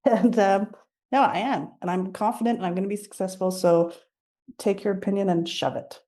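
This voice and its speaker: A woman's voice: medium pitch, normal speed, dark tone. A woman on a group coaching call, talking frankly with many fillers and a defiant edge. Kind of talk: casual sharing. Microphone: video call.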